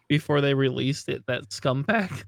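A man hosting a casual gaming chat, excitable and quick to laugh, swearing now and then. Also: medium pitch, creaky, no echo, studio quality.

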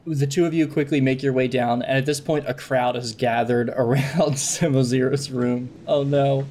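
A man's voice: mid-range voice, normal speed, slight background noise. Man running a tabletop game. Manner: lively, laughs often. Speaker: game master.

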